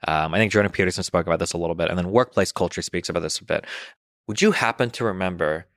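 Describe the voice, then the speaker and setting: Low voiced guy talking real fast, lots of restarts and likes. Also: a bit bright, no room sound, studio quality. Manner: fast, rambling, many restarts and fillers. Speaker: podcast guest, political commentator. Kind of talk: casual conversation.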